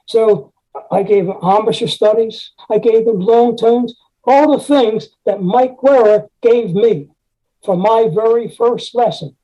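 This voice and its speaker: In a conversational storytelling interview, an older man who once taught music rambles through stories, leaning on "you know" and scat-singing articulations. His high-pitched voice moves a little slowly. The highs in the recording are cut off.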